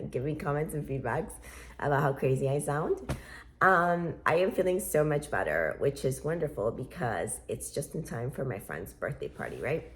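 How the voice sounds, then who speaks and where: A woman's voice: deep voice, animated, normal speed, a little hiss or hum. A woman vlogger rambling casually to her viewers in a chatty, playful way, laughing often. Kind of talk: casual rambling vlog chat.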